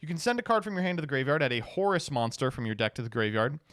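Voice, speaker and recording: A streamer reading card text aloud in a casual review, stopping for blunt, swearing reactions. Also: male voice, medium pitch, sing-song, very fast, fairly bright tone, no echo, studio quality.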